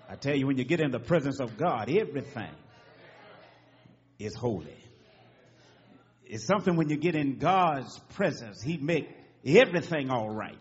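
A man's voice: mid-range voice, lively intonation, normal speed. A man preaching a sermon, emphatic and rhythmic, punctuating with amens. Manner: emphatic call-and-response preaching with frequent amens. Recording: dull lo-fi recording.

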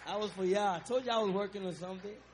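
A young man from Africa preaching a sermon to young people, impassioned and breaking into shouts. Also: sits high, rapid-fire, a little hiss or hum. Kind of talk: sermon with spoken-word poem.

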